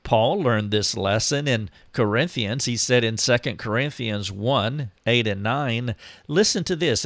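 Male preacher, sermon delivery, deliberate pace, reads verses aloud, gravelly timbre. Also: medium pitch, a bit bright, no room sound, clean studio sound.

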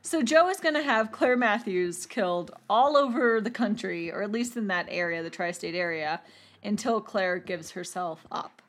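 A woman recaps a TV episode for a podcast with lots of animation and giggly asides. Her pitch is ordinary, and she tells the story in a loose, conversational way. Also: animated, normal speed. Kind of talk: casual chat.

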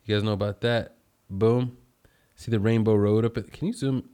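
A man's voice: on the low side, steady tone, moderate pace, mellow. A man hosting a casual livestream, upbeat as he greets viewers by name and drifts into rambling asides. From United States. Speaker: livestream host.

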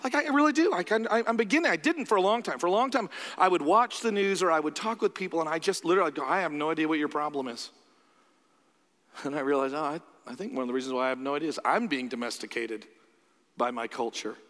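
A man delivers a sermon in an informal, lively way, slipping in quick acted-out voices as he goes. His voice sits a bit high for a man, and it rings with the long echo of a large hall. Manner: conversational, animated, acts out quoted voices. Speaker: preacher.

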